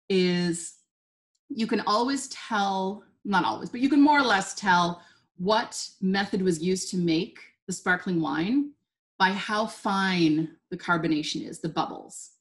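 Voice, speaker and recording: Upbeat young woman as a wine instructor, mid-range pitch, roomy echo. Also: a bit bright. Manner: bubbly, chatty and upbeat. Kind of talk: live online wine tasting lesson.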